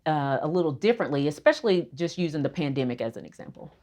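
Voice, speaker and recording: Brief: female talk-show host, low voice, affirming, meandering questions. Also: expressive, quick pace, mellow. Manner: affirming, with many "mm-hmm" and "kind of". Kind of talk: interviewing a guest.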